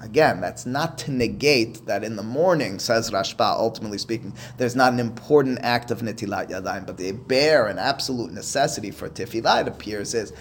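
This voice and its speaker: A man's voice: lowish voice, a little fast, few pauses, slight background noise. Man teaching Talmud, step by step. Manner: explains step by step, reads Aramaic and Hebrew then translates. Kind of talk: Talmud lesson.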